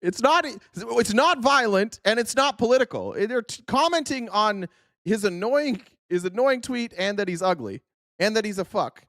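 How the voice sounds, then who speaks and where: A man's voice: sits high, animated, normal speed, a bit bright, no room sound, studio quality. An American man hosting a political commentary livestream, ranting in an angry, profane and mocking way.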